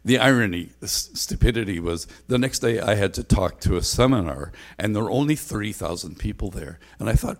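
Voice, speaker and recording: Low-voiced man preaching a conversational sermon. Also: expressive, fairly quick, few pauses. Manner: earnest, conversational preaching with frequent restarts. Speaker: pastor.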